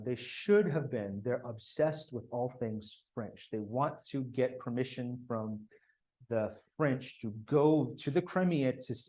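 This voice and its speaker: A male speaker delivers a history lecture in a casual storytelling way. He restarts sentences and drops in asides, his voice sitting at an ordinary middle pitch. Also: a little mellow, poor audio.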